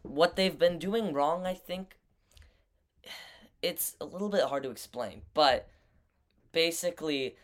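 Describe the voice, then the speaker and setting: A man's voice: on the high side, measured pace, pauses often. A man co-hosting a casual podcast chat, often pulling the talk back on topic. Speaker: podcast co-host.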